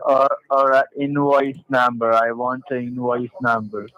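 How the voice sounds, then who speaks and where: A man's voice: mid-range voice, level tone, unhurried, fairly bright tone. A man on a phone call as a call-center agent, reading formulaic lines and repeating "ma'am". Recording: dull lo-fi phone line.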